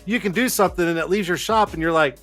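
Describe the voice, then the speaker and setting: Male talk-show host, slightly higher voice, easygoing and repetitive. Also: fast talker, fairly bright tone, faint music behind. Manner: rambling, repeats himself, many fillers. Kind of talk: casual chat.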